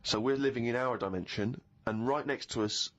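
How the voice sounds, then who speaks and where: A man with a mid-pitched voice spins self-deprecating anecdotes in a wry, articulate manner. The radio recording is dull and lo-fi, and the talk is relaxed and conversational. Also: a little fast. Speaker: radio comedy co-host. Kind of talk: conversational storytelling. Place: radio studio.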